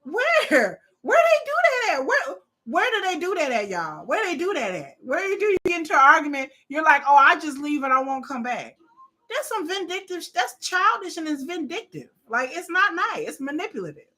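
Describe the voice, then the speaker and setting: A woman's voice: very high voice, sing-song, normal speed, few pauses, pushed and bright. A woman hosting a live watch party of a reality show, giving blunt, profane, opinionated commentary straight to her viewers. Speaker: live-stream host.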